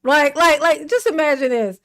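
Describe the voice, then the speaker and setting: A woman's voice: high voice, normal speed. A woman hosting a casual livestream. She greets viewers by name, laughs often and rants animatedly. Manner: animated ranting. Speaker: livestream host.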